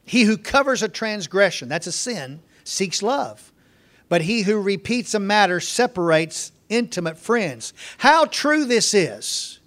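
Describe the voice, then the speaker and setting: A middle-aged man delivers a folksy sermon in a high voice. He speaks at an unhurried pace. He acts out little family conversations along the way. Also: sing-song, fairly bright tone. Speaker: preacher.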